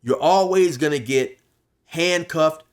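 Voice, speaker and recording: A man's voice: on the high side, slow pace, smooth. A man casually telling a long prison story, rambling with restarts and fillers. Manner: loose, rambling, restarts, shouts when quoting others. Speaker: storyteller recounting prison life.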